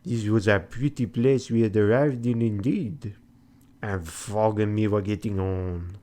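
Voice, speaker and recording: A courtly male traveller narrates his adventure with a French accent, polite and mannered like a storybook. The voice sits fairly low, as a man acts him out. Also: fairly even intonation, measured pace, dark tone, natural voice. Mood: storytelling.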